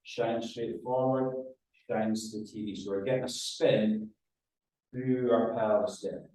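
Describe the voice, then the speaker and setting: A man leading a guided exercise class as a running rehab coach, giving calm cues and counting down reps. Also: on the low side, unhurried. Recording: very echoey room, mic far off.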